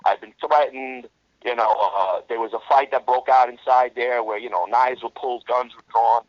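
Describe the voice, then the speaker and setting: A middle-aged man recounts old street stories in a blunt, profane, streetwise way, his voice sitting at an ordinary middle pitch. The recording is dull and lo-fi, with a dry, close sound and no room around it. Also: fairly even intonation, normal speed, dry recording. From New York. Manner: blunt, streetwise, heavy swearing. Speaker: interview guest. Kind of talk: casual storytelling interview.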